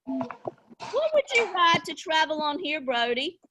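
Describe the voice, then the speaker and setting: A middle-aged woman teaching young children over a video call, slow and sing-song, encouraging them with little gasps of delight. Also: high-pitched, sing-song, noisy background. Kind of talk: online class lesson for young children.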